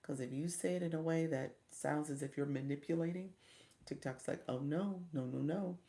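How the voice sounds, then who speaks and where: A woman hosts a casual livestream as a coach, chatty and encouraging, talking straight to her viewers, saying y'all and mimicking voices. Her voice sits low and is gravelly and warm, at a moderate pace.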